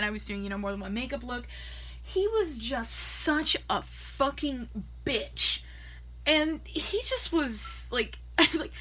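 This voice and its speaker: A woman's voice: high-pitched, sharp tone. Tipsy, foul-mouthed woman rambling through a story. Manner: profane, rambling, laughs often. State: tipsy from drinking. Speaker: makeup artist vlogger.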